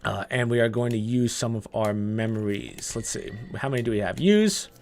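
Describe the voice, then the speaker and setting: A young man giving casual gameplay walkthrough commentary, relaxed and chatty, with frequent "uh" and "um" as he explains each step. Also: fairly low pitch, moderate pace, gravelly, a little hiss or hum. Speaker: gaming guide creator.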